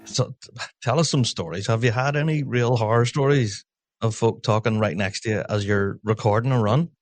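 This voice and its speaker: A man's voice: mid-range voice, no room sound. Chatty male podcast host. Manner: chatty, laughs often, quick asides. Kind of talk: casual chat.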